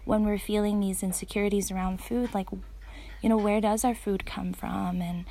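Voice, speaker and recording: A thirty-something woman reflects out loud while standing outside. She talks in an earnest, thoughtful way, pausing on fillers and restarting her sentences. Her voice sits at a middle pitch with a gravelly, creaky texture. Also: level tone. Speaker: parent sharing reflections. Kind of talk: casual spoken reflection. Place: outdoors.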